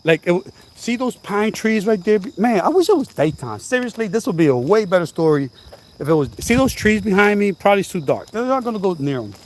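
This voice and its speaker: A man vlogging outdoors at night, telling a story in an animated, repetitive, exclaiming way, now and then coughing. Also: high voice, fairly quick. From New Jersey. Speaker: channel host. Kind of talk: casual storytelling vlog.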